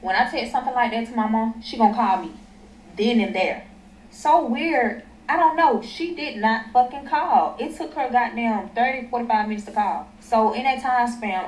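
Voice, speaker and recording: A woman's voice: medium pitch, darkish tone, a little hiss or hum. A young woman telling a personal story in a blunt, emphatic way, swearing heavily. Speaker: storyteller in a clip being reacted to. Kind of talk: profane storytime rant. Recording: echoey, distant mic with faint ambience.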